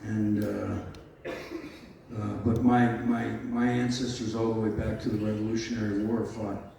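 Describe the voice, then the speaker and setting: An American man in his sixties, a guest on a convention panel, tells rambling, joking stories full of fillers. His lowish voice is level, gravelly and warm at a normal speed, heard from a distant mic in a large, echoey convention hall with faint noise.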